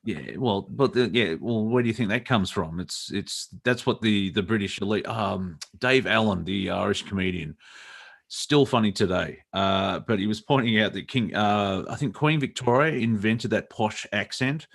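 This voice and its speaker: Guest, male, Australian-born with a faded international accent, deep-ish voice, laid-back and giggly, on a video call. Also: moderate pace, creaky, a bit bright. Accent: mild mixed international accent. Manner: chatty, laughs often, many fillers. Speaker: guest author. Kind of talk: casual chat.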